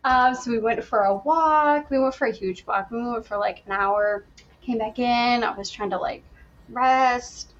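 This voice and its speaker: A woman's voice: on the high side, measured pace. A young adult woman, a podcast guest, telling her story in a chatty, casual way, laughing often and acting out what she said back then. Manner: chatty, laughs often, acts out her own past lines. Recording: dull lo-fi sound.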